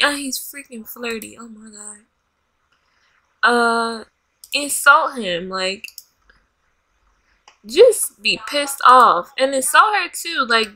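Woman gamer host, high and bright, unhurried let's-play commentary, dramatic and bossy toward the characters. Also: expressive. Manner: dramatic, bossing and scolding the game characters. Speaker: gaming channel host. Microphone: desk USB microphone.

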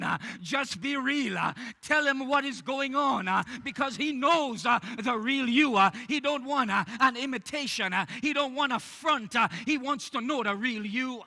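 Pastor guy preaching sunday, really high bright voice, lots of uh's between phrases. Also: measured pace, vocal fry. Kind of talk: church sermon. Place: church sanctuary during service.

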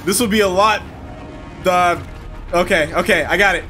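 A young man running a let's-play commentary with a high, bright, very animated voice, jokey and excitable. He yells spell names as he plays, with faint game music behind him. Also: moderate pace, long pauses. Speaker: gaming YouTuber.

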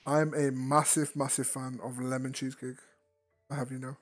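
A man's voice: medium pitch, flat delivery, moderate pace, no room sound, faint music behind. Playful teasing man, VR game host. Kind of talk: casual chat in a VR game.

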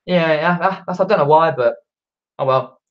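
A man's voice: fairly high pitch, measured pace, lo-fi sound. A British man chatting casually on a home live stream, reading out viewer comments and rambling with many fillers and restarts. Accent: British English. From Britain. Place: indoors at home, downstairs. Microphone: camera mic.

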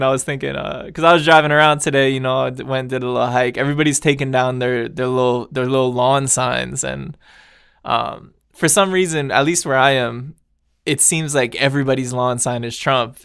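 Gravelly-voiced man rambling on his podcast. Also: mid-range voice, a bit bright, dry recording, studio quality. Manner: rambling, loose, laughs often, trails off mid-thought. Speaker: podcast host. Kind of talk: casual solo chat.

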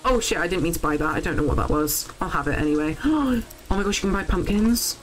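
A young woman streaming a farming game, chatting casually to viewers, excitable and swearing freely. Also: deep voice, quick pace, faint music behind, low-quality recording. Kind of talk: casual live game commentary.

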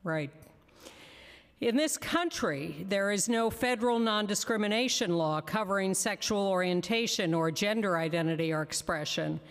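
A woman giving prepared testimony at a council hearing, emphatic and deliberate, slowing down to stress each word of a list. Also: medium pitch, expressive, big-room sound. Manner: emphatic, deliberate, slows on lists. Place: council chamber.

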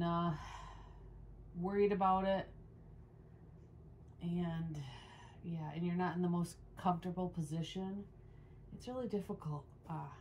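A woman's voice: on the low side, slight background noise. A woman, host of a home vlog, chatting casually while grooming her dog indoors and cooing at it between asides. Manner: chatty and rambling, coos at the dog. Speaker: dog owner and channel host. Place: indoors at home, sunny room by windows. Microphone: camera set up nearby.

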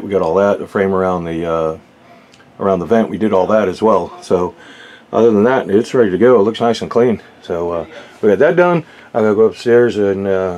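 A man's voice: on the low side, mellow, poor audio. A man giving a casual, rambling job-site walkthrough of an RV roof repair, with lots of fillers. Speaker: RV roof installer.

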